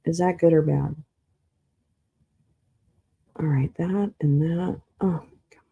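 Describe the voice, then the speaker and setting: A woman hosting a casual livestream in an unhurried, mellow voice. She rambles, hums little tunes under her breath and swears freely as she talks to her chat. She sounds easily flustered and confused while she searches. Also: sits low, fairly even intonation, creaky, breathy edge, dull audio. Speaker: livestream host.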